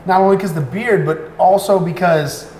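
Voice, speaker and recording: An American man with a raspy voice, chatting casually as a podcast guest and telling relaxed stories. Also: high-pitched, moderate pace. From United States. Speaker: guest content creator. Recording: echoey room with faint noise.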